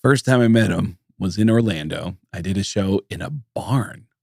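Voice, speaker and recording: A man's voice: low-pitched, normal speed, gravelly, dry recording, studio quality. A man co-hosting a podcast, telling road stories in casual chat and acting out what people said. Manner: animated storyteller, acts out quoted voices. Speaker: podcast co-host.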